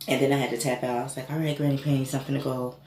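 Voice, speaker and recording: A woman telling a personal story in a casual, animated and candid way, swearing freely. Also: a bass voice, rapid-fire. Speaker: spiritual reader and reiki healer. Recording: echoey room with faint noise.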